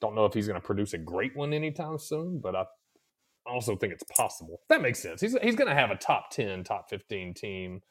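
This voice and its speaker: A man's voice: lowish voice, fairly quick. A man co-hosting a casual podcast, telling stories with plenty of cursing. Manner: profane, animated storytelling. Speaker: co-host.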